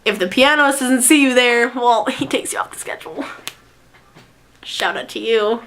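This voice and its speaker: A woman vlogger telling a personal story. Her voice sits high and bright, and she chatters excitedly and giggles often between her sentences. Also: moderate pace, a little hiss or hum. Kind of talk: storytime vlog.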